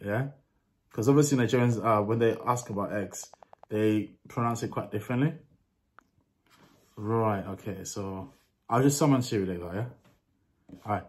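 A man's voice: fairly low pitch, moderate pace, long pauses, darkish tone. A man hosting his own vlog, chatting casually and loosely to his viewers and laughing often. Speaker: YouTuber. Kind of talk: casual vlog chat to camera.

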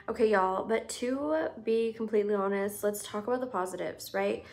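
A woman's voice: medium pitch, moderate pace, few pauses, darkish tone, soft background music. A young woman chatting candidly to her viewers while doing her makeup, self-deprecating and open about her week. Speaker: beauty vlogger. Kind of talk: casual get-ready-with-me chat. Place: bedroom at home.

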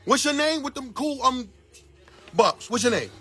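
A man's voice: very high-pitched, expressive, normal speed, sharp tone, soft background music. A man livestreaming on his phone from the doorway of his home, talking agitatedly and repeating his pleas and demands. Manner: agitated, repetitive pleading demands. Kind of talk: live phone stream confrontation.

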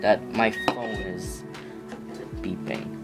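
A man doing let's play commentary, reacting loudly with yelps and groans whenever the game catches him out. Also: sits low, fairly even intonation, slow pace, over loud music. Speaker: gamer.

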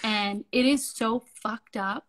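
Earnest woman podcast co-host, fairly high voice. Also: fairly even intonation, takes it slowly, a bit bright, slight background noise, poor audio. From Canada. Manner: earnest, emphatic, sometimes blunt and swearing. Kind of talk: casual chat.

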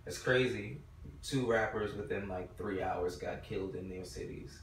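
A man's voice: fairly low pitch, normal speed. A man co-hosting a podcast, chatting casually in a loose, slangy way full of "like". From Brooklyn. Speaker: podcast co-host. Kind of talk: casual chat. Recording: roomy, distant mic, faint noise.

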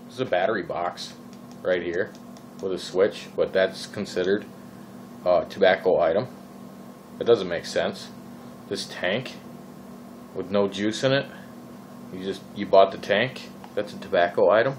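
Low-voiced Minnesotan man rambling. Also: measured pace, long pauses, a little hiss or hum, low-quality recording. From Minnesota, USA. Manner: rambling, with frequent fillers and exasperated questions. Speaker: vlogger. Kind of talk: casual vaping vlog rant.

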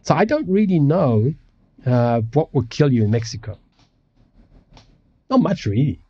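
Husky, rambling, swearing man. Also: mid-range voice, big pitch swings, unhurried, mellow, muffled recording. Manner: rambling, swearing, many restarts. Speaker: livestream host. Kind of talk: casual ranting chat. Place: home apartment.

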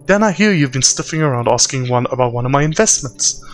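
A man voicing a composed, menacing female yakuza boss with a put-on Russian accent, speaking slowly and deliberately. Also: medium pitch, lively intonation, faint music behind, close to an everyday voice. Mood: cool menace.

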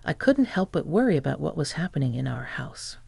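A narrator reading a first-person family revenge story in an even, scripted way, taking every quoted part without changing voice. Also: mid-range voice, a little fast, creaky, breathy edge, dry recording.

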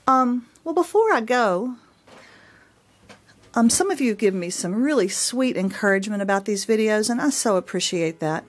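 A craft vlogger with a Southern accent chats at home in a casual show-and-tell, her voice a little high, expressive, and at normal speed. She's homey and talkative, frequently restarting and correcting herself, and a camera mic captures it.

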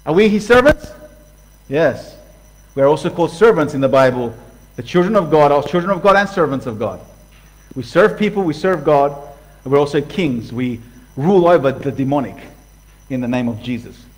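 A man preaching a sermon passionately, swinging from loud outbursts to hushed lines and acting out voices. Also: on the high side, lively intonation, moderate pace, pauses often, rough recording. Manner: acts out voices for illustration. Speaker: pastor.

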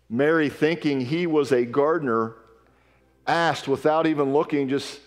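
Pastor guy preaching, bit high voice, earnest, big echoey hall. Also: moderate pace. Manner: earnest preaching, reading scripture aloud with rising emphasis. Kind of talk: sermon. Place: church sanctuary.

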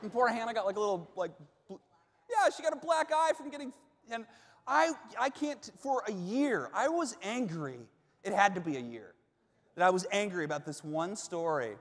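Male pastor, high voice, animated storyteller, reverberant church hall. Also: moderate pace. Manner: animated storyteller, acts out shouts and quotes. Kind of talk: sermon with personal story. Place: church auditorium. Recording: long reverb of a large hall.

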